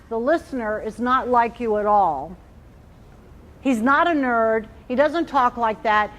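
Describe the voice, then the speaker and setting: A woman trainer giving an animated workshop talk, acting out little quoted inner voices as she explains. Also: on the high side, poor audio.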